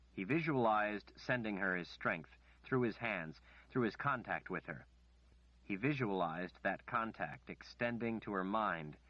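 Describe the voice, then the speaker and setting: A man with a very deep, low voice reads an audiobook in a measured, steady storytelling manner. The recording is dry and close, with a slightly muffled, dull tone. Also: dry recording. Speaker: audiobook narrator. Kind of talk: scripted audiobook narration.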